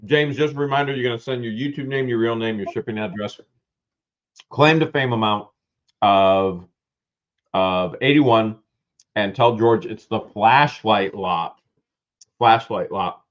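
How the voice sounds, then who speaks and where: A man hosting a live-stream auction, loudly calling out lots and prices with excitement. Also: lowish voice, a little slow, pauses often, highs cut off. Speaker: livestream auction host.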